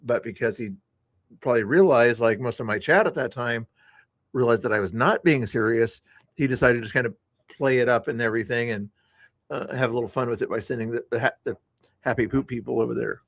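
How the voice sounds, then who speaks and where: A man's voice: mid-range voice, a little fast, a bit bright, no room sound. Rambling older man talking to chat. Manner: chatty, talks to chat viewers, self-mocking. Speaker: streamer reviewing his own past stream. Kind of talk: rambling live-stream commentary.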